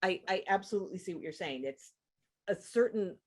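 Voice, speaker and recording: Low-voiced woman hosting a Q&A. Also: expressive, fairly quick. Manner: affirming, gathers audience questions. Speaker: event host. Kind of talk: moderating a Q&A.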